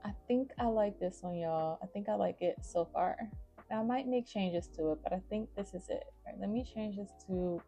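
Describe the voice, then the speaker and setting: A woman chats to her viewers in a giddy, gushing vlog, calling them y'all again and again. Her voice sits at a middling pitch. Faint music plays quietly under her. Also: normal speed. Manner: gushing, excitable, says y'all a lot. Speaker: writing vlogger. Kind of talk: casual chat to camera.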